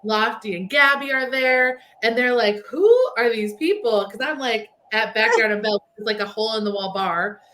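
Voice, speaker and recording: Her voice is slightly high and a bit bright, flowing at a normal pace with few pauses. She's a Texan guest on a podcast, spinning a lengthy, casual tale loaded with "like" as a filler.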